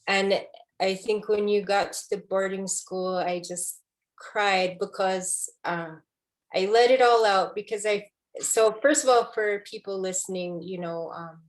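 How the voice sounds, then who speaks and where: Woman speaking through tears, halting. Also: mid-range voice, fairly even intonation. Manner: emotional, halting, many restarts. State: tearful. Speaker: poet in conversation. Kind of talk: conversational book discussion.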